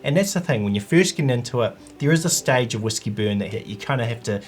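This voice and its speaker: A man's voice: medium pitch, animated, quick pace, faint music behind. A man hosting his own channel, talking through an explainer in a chatty, conversational way. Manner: chatty, conversational, with frequent "like" and "you know". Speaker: whisky channel host. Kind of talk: casual explainer vlog.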